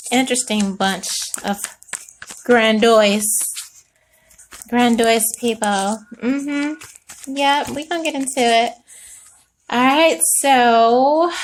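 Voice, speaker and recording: Woman tarot reader, higher voice, loose and profane, animated delivery. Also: slight background noise. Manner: chatty, profane and animated, with frequent laughs. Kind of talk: casual spoken tarot reading.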